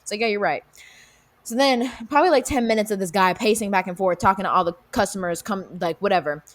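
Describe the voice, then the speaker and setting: Fast-talking young woman telling a story. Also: medium pitch. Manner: animated retelling, acts out quotes, frequent fillers and swearing. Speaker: podcast co-host. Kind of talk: casual storytelling.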